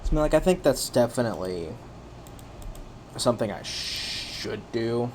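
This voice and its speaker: A man's voice: mid-range voice, expressive, normal speed, noisy background. A man streaming and talking to himself in a casual, rambling way, tired and yawning, often restarting his sentences. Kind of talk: casual solo stream commentary.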